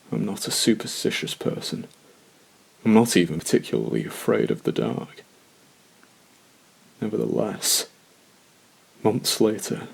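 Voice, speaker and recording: A man narrates a horror story in a slow, deliberate first-person telling. His voice is low and gravelly with a lot of fry.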